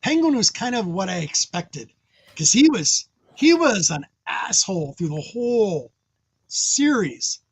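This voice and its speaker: Upbeat high-voiced male stream host. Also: big pitch swings, breathy edge, no echo, low-quality recording. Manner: upbeat, quick short affirmations. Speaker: livestream host. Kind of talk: casual chat.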